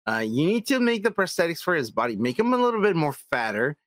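A man with a somewhat high voice argues his point on a podcast, his pitch swinging widely as he rants. He swears constantly and keeps pressing his case, recorded close in a dry, deadened room. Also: big pitch swings, fast talker, fairly bright tone, dry recording. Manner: emphatic, heavy swearing, repeats "come on, man". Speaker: podcast co-host. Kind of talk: casual chat.

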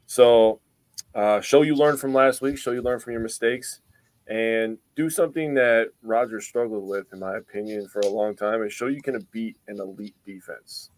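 A man's voice: lowish voice, normal speed. A man co-hosting a sports podcast, talking in laid-back, jokey banter. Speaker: podcast co-host. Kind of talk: casual sports podcast chat.

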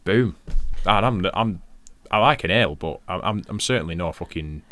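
A man's voice: low voice, expressive, moderate pace, a bit bright. A man with a Lancashire accent, co-hosting a podcast in casual chat, swearing freely and laughing often. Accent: Lancashire English. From Lancashire, England. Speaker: podcast co-host.

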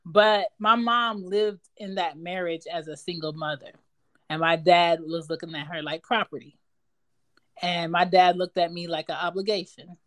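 A woman's voice: lowish voice, steady tone, normal speed, fairly bright tone, dry recording. A woman in her thirties from Philadelphia, talking candidly and bluntly about family in a casual chat, swearing now and then. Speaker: mother of daughters.

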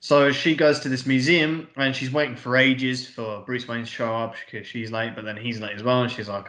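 A man's voice: medium pitch, level tone, normal speed, few pauses, fairly bright tone. A man co-hosting a podcast, casually retelling a film scene by scene in loose paraphrase with frequent swearing. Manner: rambling retelling with offhand paraphrased dialogue and swearing. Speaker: podcast co-host. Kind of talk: casual film recap chat. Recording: roomy echo.

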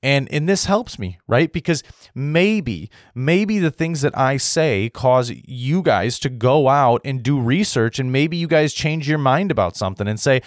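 An American man giving a heated opinion monologue to his viewers, restarting sentences, clearing his throat often and tagging his points with "right?". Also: mid-range voice, animated, normal speed, no room sound, studio quality. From United States. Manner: heated, repetitive, frequent "right?" tags and restarts. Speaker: political commentary host.

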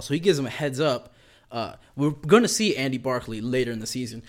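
Guy rambling thru a horror show recap, swears a lot, says like every few words, mid pitch. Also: lively intonation, brisk. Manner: loose and profane, lots of "like" and "you know"; acts out quoted characters while retelling. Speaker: pop culture commentator. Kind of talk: casual recap chat.

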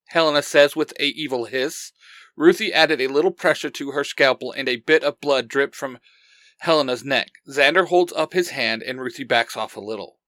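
A man narrating his own fan fiction story with plain, steady reading. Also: mid-range voice, moderate pace, no room sound.

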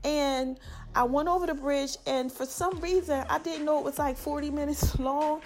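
A woman, hosting a podcast and giving casual, affectionate shout-outs in a chatty, slangy way. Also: high-pitched, fairly even intonation, normal speed. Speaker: podcast host.

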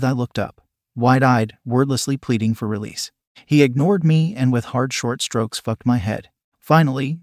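A man giving a steady, evenly paced first-person story narration. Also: mid-range voice, no room sound, studio quality.

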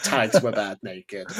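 Male co-host, slow husky voice, lively pitch, brief quips. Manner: short reactions and laughs. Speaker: podcast co-host. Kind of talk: casual chat.

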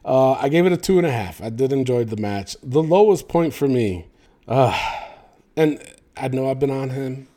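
A man hosting a solo wrestling podcast, opinionated and animated, with lots of fillers and some swearing. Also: mid-range voice, normal speed. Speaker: podcast host.

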